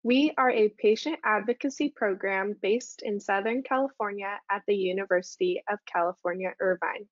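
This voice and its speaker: A woman's voice: mid-range voice, moderate pace, few pauses, no room sound, muffled recording. A woman, assistant director of a foundation, reading a prepared welcome to open a podcast. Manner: reads a prepared welcome evenly. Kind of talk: scripted introduction.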